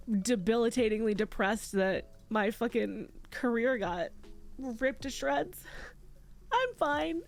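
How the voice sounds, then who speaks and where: A young woman streaming from home and chatting with her viewers, tearful and close to crying, swearing freely as she reads and answers chat at a desk microphone. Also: medium pitch. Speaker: VTuber streamer. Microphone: desk microphone with headphones.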